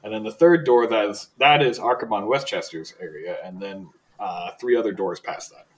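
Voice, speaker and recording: A man narrating a tabletop role-playing game as game master, casual and halting, with many fillers. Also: on the low side, poor audio.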